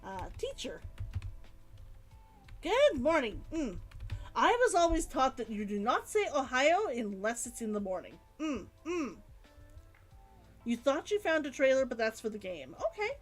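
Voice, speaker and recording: A high-pitched woman streaming live talks casually to her chat, and her voice swings widely up and down as she muses aloud and reads out their comments. Soft music plays faintly behind her. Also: big pitch swings, measured pace, pauses often.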